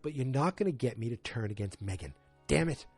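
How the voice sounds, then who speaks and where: A man's voice: medium pitch, expressive, brisk, darkish tone, slightly rough, no room sound, faint music behind. A man in his forties hosting a casual solo podcast recap, rambling with many fillers and restarts and throwing in exasperated asides. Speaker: podcast host.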